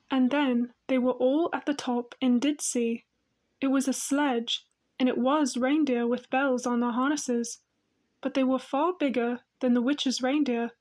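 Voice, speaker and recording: A woman narrating a children's fantasy audiobook in a gentle, even manner. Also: high-pitched. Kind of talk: storybook narration.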